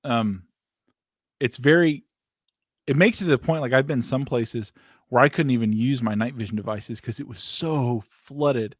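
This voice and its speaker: A man's voice: medium pitch, moderate pace, no room sound, clean studio sound. A man co-hosting a casual paranormal podcast chat, joking, laughing often and swearing. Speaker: co-host.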